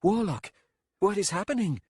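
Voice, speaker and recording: Frightened warlock for a fantasy audiobook, rough hissing voice, lifted higher and louder than the narration, played by a male narrator. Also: expressive, slow pace, dry recording, clean studio sound. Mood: urgent, hoarse. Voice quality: rough hiss.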